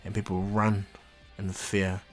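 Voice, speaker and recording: A man's voice: deep voice, completely flat delivery, slow, faint music behind. A man casually retelling an anime crossover fan story, rambling and correcting himself as he goes.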